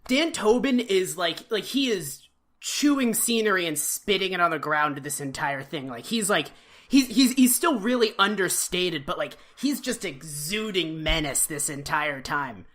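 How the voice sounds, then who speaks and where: A woman's voice: on the low side, animated, unhurried, fairly bright tone. A woman co-hosting a podcast, chatting casually and swearing freely, with lots of "like". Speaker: podcast co-host. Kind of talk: casual episode recap chat.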